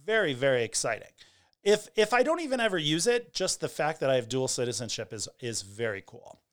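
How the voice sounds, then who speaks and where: A man in his forties, talking candidly to camera in a conversational way, trailing off with pauses and restarts. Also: mid-range voice, big pitch swings. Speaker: vlogger telling a personal story. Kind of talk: candid personal storytelling.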